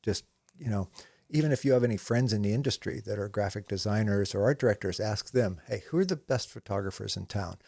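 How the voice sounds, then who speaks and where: A commercial photographer co-hosting a casual conversation speaks fast in a lowish, darkish voice with vocal fry, recorded with no echo. He rambles through stories about his trade, full of restarts, asides and lots of "you know"s.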